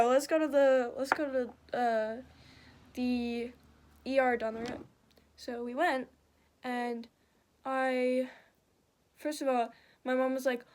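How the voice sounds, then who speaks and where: A young woman with a high-pitched voice tells an unhurried story while working on her makeup. She keeps it casual, curses a lot, and acts out the events with animation.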